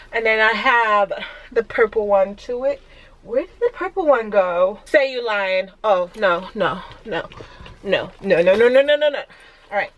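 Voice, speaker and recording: A young woman, a mother of five who vlogs, talks casually to the camera in a chatty, scattered way and laughs often. Her voice is medium-pitched and fairly bright, though the recording sounds muffled.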